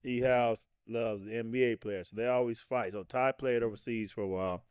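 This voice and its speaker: A man's voice: mid-range voice, steady tone, fairly quick, darkish tone, smooth, no echo, studio quality. A man co-hosting a podcast, casually asking the guest questions in a laid-back way. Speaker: podcast co-host. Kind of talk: casual chat.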